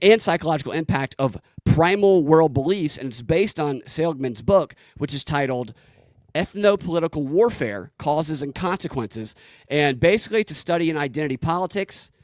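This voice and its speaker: A man with a slightly high, very lively voice talks in a loose, excitable way, stumbling over restarts and swearing freely. He is recorded dry and close, as a podcast host. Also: no room sound. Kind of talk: casual podcast chat.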